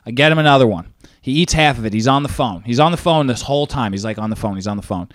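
A man's voice: mid-range voice, fast, no echo, studio quality. Laid-back man in casual chat. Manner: relaxed, chatty, with swearing.

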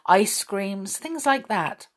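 A woman's voice: mid-range voice, animated, slow. A woman voicing Moonface, a cheerful male storybook fellow, eager and jolly. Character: cheerful male Moonface, a round-faced fairy-tale fellow.

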